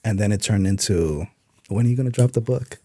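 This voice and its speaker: A man's voice: fairly low pitch, fairly quick, mellow, slight background noise. A middle-aged man, an author, telling stories in a laid-back casual interview. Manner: laid-back, acts out quoted voices in stories. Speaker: author and podcast guest.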